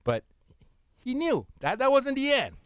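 Man preacher, middle-aged, animated sermon delivery, dry close sound. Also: very high voice, unhurried, clear, resonant tone, no room sound. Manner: animated, calls for congregation responses, often repeats words.

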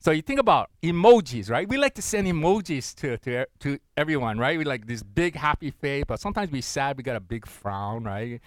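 A middle-aged man preaching a sermon in a playful, animated way, swinging between loud bursts and hushed asides. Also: mid-range voice, brisk, hardly any pauses, no echo, low-quality recording. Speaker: pastor.

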